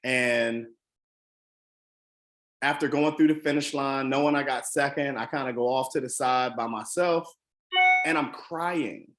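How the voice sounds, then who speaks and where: A man's voice: mid-range voice, measured pace, long pauses, a bit bright. A man from the Washington DC area telling a personal motivational story, earnest and emphatic, with frequent ums and restarts. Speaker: motivational speaker.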